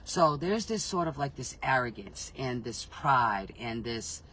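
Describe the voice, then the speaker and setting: Male reader, mid-pitched, rambling and blunt, casual spiritual reading with frequent restarts and swearing. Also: animated, a little slow, pushed and bright, slight background noise, rough recording. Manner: rambling, self-interrupting, swears freely; frank, emotionally reactive. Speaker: intuitive reader.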